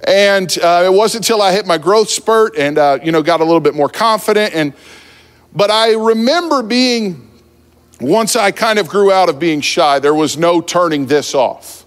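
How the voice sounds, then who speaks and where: A man from New Jersey preaching a sermon, telling a funny story about himself in a relaxed, conversational way from the pulpit. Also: sits high, normal speed. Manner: humorous, self-deprecating, conversational. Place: church sanctuary at the pulpit. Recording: long church hall reverb.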